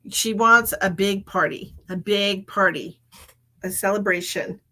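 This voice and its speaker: Woman psychic medium, live-stream host; casual, giggly, whispers asides, medium pitch. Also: a little slow, bright, forceful tone. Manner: chatty, laughs often, drops into whispered asides.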